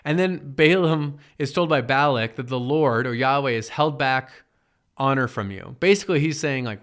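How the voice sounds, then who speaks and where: This is a relaxed, conversational Bible talk from a man whose voice sits at medium pitch, a bit bright, at normal speed. He acts out quoted characters in his retelling and regularly drops in a checking "right?"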